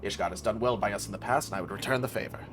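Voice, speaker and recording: A man voicing a steady adventurers' guild official, reading game dialogue in a measured, formal, courteous manner. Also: on the low side, over music, close to an everyday voice.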